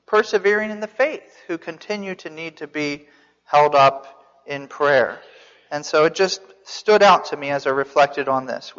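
A man's voice: sits high, a bit bright. A man teaching a Bible sermon as a pastor, conversational, asking his listeners questions with some restarts. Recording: dull sound in a reverberant hall.

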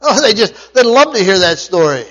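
A man's voice: sits high, sing-song, moderate pace, fairly bright tone, rough recording. A man preaching a sermon, repeating key phrases for emphasis and often restarting his sentences. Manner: emphatic repetition, frequent restarts and stumbles.

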